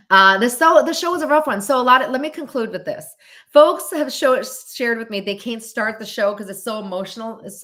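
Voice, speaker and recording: A woman's voice: fairly low pitch, a bit bright. A woman therapist chatting with her viewers on a livestream, thinking aloud in a chatty, reflective way.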